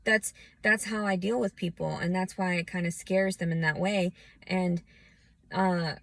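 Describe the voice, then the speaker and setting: A woman in her thirties rambles through an emotional rant, jumping between thoughts and restarting her sentences. Her voice sits a little low. The sound is dry and close, with no room around it. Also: fairly even intonation, a little slow, vocal fry, a bit bright, dry recording, rough recording. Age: 30s. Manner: scattered, emotional, restarts often and fights back tears. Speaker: vlogger. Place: outdoors.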